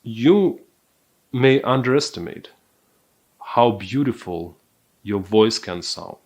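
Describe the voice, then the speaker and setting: A man teaching a recorded dating course, speaking in a calm, deliberate, measured way. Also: mid-range voice. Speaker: dating coach.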